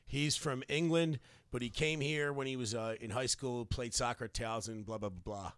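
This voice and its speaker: A comedian spins a rowdy story, his voice bright and cutting. He swears freely and bursts into loud laughter. The mic is close and dry, with no room sound. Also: medium pitch, normal speed, smooth, no room sound. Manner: animated, profane, laughs loudly. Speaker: comedian podcast co-host.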